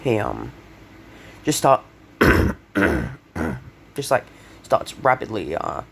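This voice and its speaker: A young man casually retelling an invented fan story, rambling with many fillers and self-corrections, coughing and clearing his throat now and then. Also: lowish voice, wildly swooping pitch, slow pace, a bit bright.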